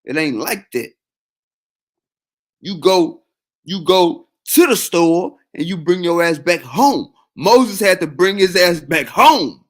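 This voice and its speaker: A man talking casually, animated and repetitive, with heavy slang and profanity. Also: high-pitched, takes it slowly. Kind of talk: casual freestyle talk.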